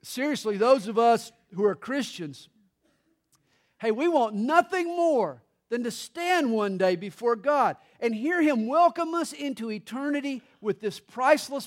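High-voiced man preaching a sermon. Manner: dynamic preaching with dramatic pauses and humor. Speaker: pastor.

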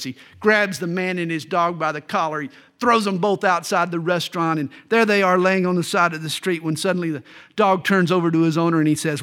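A man's voice: high voice, a little fast, fairly bright tone. A middle-aged man preaching a sermon, reading Bible verses and telling folksy stories and jokes. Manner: folksy storytelling, tells jokes. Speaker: pastor.

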